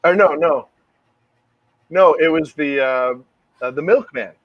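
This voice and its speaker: A man's voice: fairly high pitch, a little slow, dry recording, muffled recording. A middle-aged man co-hosting a podcast, telling rambling, laughing anecdotes in casual chat. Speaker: podcast co-host.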